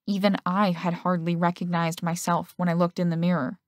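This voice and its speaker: A woman narrating a first-person romance audiobook in a steady storytelling manner. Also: on the low side, fairly quick, no room sound, clean studio sound.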